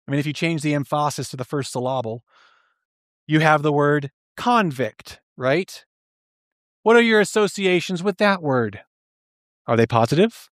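A man preaching a sermon in an earnest, questioning way, explaining slowly and restarting phrases. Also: a little high, dry recording, studio quality. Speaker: pastor.

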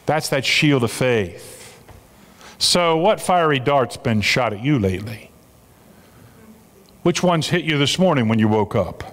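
A man's voice: on the high side, a bit bright. A man preaching a sermon as a pastor, emphatic and repeating his key phrases for weight. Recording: long reverb of a large hall.

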